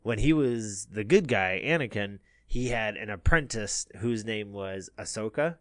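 A man's voice: lowish voice, lively intonation, a little slow, dry recording, studio quality. A man chatting casually as a podcast co-host, telling a long story full of fillers, restarts and easy laughs. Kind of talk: casual chat.

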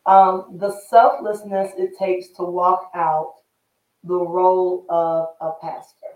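A woman's voice: on the low side, level tone, takes it slowly, darkish tone. A woman interviewer who asks questions and adds short affirming responses. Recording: echoey, distant from the mic.

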